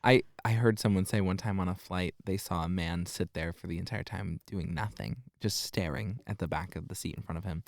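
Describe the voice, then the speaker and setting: Young man, podcast co-host, low voice, dry close sound, relaxed and reflective. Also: brisk, gravelly, hardly any pauses, no echo. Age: 20s. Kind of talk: casual podcast chat.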